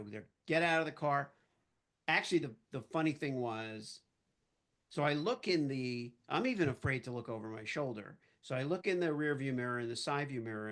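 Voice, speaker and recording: A man guest on a podcast, telling a casual anecdote in an animated way and acting out the voices of the people in it. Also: mid-range voice. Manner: animated storyteller who acts out quoted voices.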